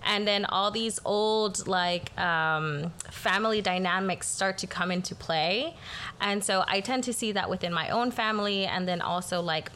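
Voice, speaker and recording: A woman hosting a casual podcast who speaks reflectively and pauses often with filler words. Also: mid-range voice, pushed and bright, slight background noise. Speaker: podcast host. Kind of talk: casual conversational podcast talk.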